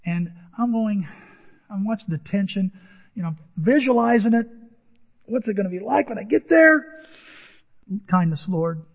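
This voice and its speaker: A man's voice: sits high, expressive, measured pace, pauses often. A middle-aged man preaching a sermon, telling a personal story in an earnest way with quoted dialogue. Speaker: pastor. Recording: dull audio with long hall reverb.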